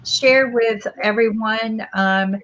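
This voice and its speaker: A woman's voice: fairly high pitch, steady tone, takes it slowly, background noise. A middle-aged woman co-hosting a podcast, telling stories in a reflective, conversational way and often checking in with listeners. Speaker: podcast co-host. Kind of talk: casual podcast talk.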